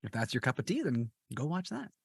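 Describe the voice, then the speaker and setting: A chatty, verbose man gives a podcast interview in a gravelly voice with a husky edge. He tells his stories with animation into a close mic. The sound is dry, with no room echo. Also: medium pitch, very animated, a little fast. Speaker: guest, ASMR artist and actor.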